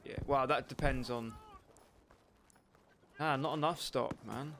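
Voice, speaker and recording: A young man chats loosely while he plays a shooter, his sentences trailing into filler and casual swearing. Game gunfire rattles clearly behind his voice. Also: mid-range voice, fairly even intonation, takes it slowly, fairly bright tone, a little hiss or hum. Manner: laid-back, swearing, rambling with filler words. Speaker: gaming streamer. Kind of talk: casual chat while gaming. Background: gunfire and game sounds.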